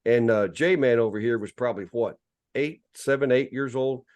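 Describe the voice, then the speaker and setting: A man's voice: moderate pace, darkish tone. A man, co-hosting a podcast, telling family stories in casual chat and teasing his brother. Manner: teasing, imitates family in higher voice. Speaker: podcast co-host.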